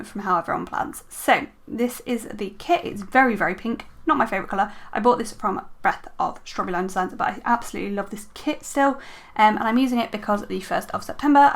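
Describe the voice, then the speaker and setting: A young adult woman chatting casually as a planner vlogger at her desk at home, talking through her stickers with lots of ums and quick self-corrections. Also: medium pitch. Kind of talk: casual show-and-tell chat.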